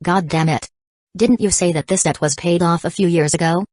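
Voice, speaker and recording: A woman's synthetic voice voicing a quick-tempered, threatening male pirate emperor in a storybook reading. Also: on the low side, steady tone, darkish tone, dry recording, studio quality, lightly acted. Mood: angry scornful.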